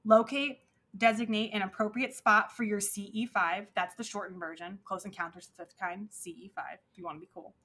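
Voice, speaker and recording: A woman's voice: mid-range voice, steady tone, brisk, sharp tone, breathy edge. A woman co-hosting a podcast, talking in a casual, chatty way with lots of filler words. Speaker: podcast co-host. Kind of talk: casual chat.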